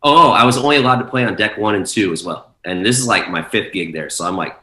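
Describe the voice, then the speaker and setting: A man's voice: lowish voice, fast talker, sharp tone, roomy sound, poor audio. A man, a guest DJ, telling road stories in casual podcast chat, with swearing and acted-out quotes. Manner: storytelling with swearing, acts out quoted people.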